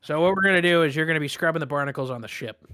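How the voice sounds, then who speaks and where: A man's voice: on the high side, racing, sharp tone, no echo, studio quality, pitched above the performer's own voice. A man voicing a jolly, chubby male pirate first mate who talks cheerily and brags. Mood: brisk. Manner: cheery, chatty, boastful.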